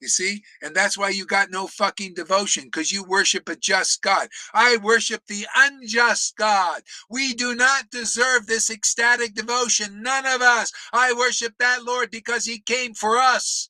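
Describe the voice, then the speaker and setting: A man delivers a fierce, profane spiritual rant, lurching between shouts and mocking asides. His voice sits high and cuts with a hard, piercing edge. The sound is close and dry, with no room around it. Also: steady tone, a little slow, hardly any pauses, dry recording, rough recording. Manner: profane, confrontational, often shouting; mocks others in put-on voices. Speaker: spiritual teacher. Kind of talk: impassioned preaching rant.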